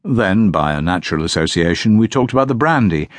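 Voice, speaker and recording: Deep-voiced man narrating an audiobook. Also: lively intonation, fairly quick, no room sound. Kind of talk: scripted first-person audiobook narration.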